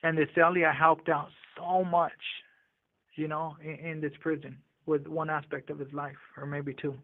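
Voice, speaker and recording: A man tells his story in loose street slang, stumbling over restarts and fillers as he goes. His voice sits a little high for a man and comes through a narrow, tinny phone line with no room sound at all. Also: level tone, normal speed, no echo. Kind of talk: casual storytelling. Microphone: prison phone.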